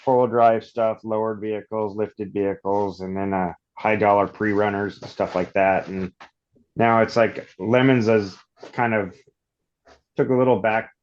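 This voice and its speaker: A man from Northern California, a podcast guest, telling long rambling stories in a casual, animated way. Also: fairly low pitch, normal speed, muffled recording. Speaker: podcast guest, off-road shop owner. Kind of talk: casual storytelling.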